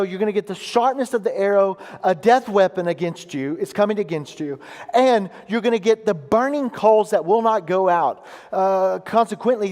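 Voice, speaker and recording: A man delivers a sermon from the pulpit, his voice sitting high for a man. He explains scripture with emphatic, weighty stresses. Long reverb trails off each phrase in the sanctuary. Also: darkish tone. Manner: emphatic preaching, reads scripture aloud with slow weighty pauses. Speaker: pastor. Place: church sanctuary.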